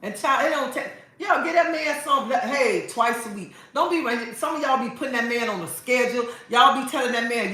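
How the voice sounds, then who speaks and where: A woman's voice: fairly high pitch, expressive, brisk, hardly any pauses, bright, forceful tone. A woman hosting a livestream, talking to viewers in a sassy, preachy way and repeating her phrases. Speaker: livestream host. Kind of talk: casual livestream talk to viewers. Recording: very echoey room.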